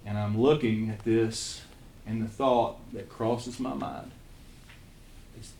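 A missions pastor from Eastern Kentucky earnestly recounts his calling to a small group in a casual testimony, his speech halting with frequent restarts. He has a lowish, mellow voice with fairly even intonation. The recording picks up roomy echo and faint room noise.

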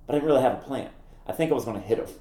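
A middle-aged man, a ministry founder and former campus minister, telling stories in an interview in an animated way, laughing at himself. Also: medium pitch, very fast, reverberant, a little hiss or hum. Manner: animated, acts out quoted voices, laughs at himself. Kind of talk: conversational interview storytelling.

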